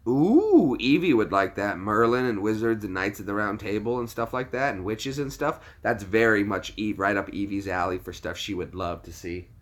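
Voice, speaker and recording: A man's voice: lowish voice, animated, normal speed, few pauses. A man from the United States hosting a casual livestream, jokey, laughing easily and chatting with viewers. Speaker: livestream host.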